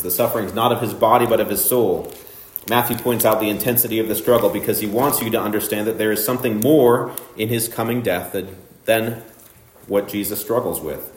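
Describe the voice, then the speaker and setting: A man preaching a sermon, walking through a passage with measured, emphatic phrasing. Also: low voice, roomy sound, a little hiss or hum. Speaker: pastor.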